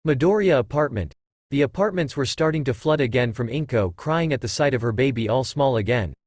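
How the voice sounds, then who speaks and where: A man's voice: mid-range voice, animated, fairly quick, a little mellow, dry recording, studio quality. A man narrating a fan-fiction story and reading every character in much the same voice. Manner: reads every character in one voice.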